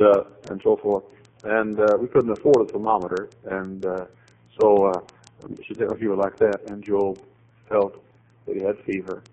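A man preaching a sermon, telling a story with acted dialogue and swings to loud, high emphatic climaxes. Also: highs cut off.

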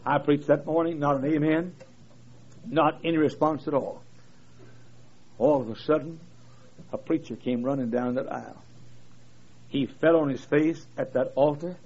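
Gravelly high-voiced revival preacher. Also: male voice, normal speed, pauses often, lo-fi sound. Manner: storytelling preacher, rising to impassioned shouted cries. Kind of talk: fiery revival sermon. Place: church service. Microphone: PA microphone.

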